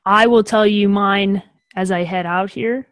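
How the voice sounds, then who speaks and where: Emphatic, animated woman co-host. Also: medium pitch, measured pace, no room sound, studio quality. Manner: emphatic and animated, with blunt declarations. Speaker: podcast co-host. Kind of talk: casual podcast chat.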